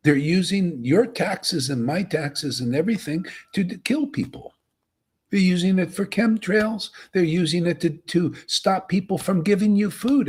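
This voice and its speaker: A man's voice: fairly high pitch, darkish tone, husky. A man giving a rambling, casual devotional talk as a spiritual teacher.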